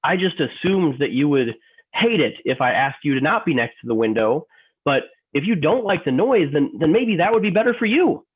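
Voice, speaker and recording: A man's voice: fairly high pitch, animated, normal speed, slightly rough. A man playing an emotional office worker in a training role-play, stammering, repeating himself and apologizing over and over. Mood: hopeful. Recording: tinny phone-like line.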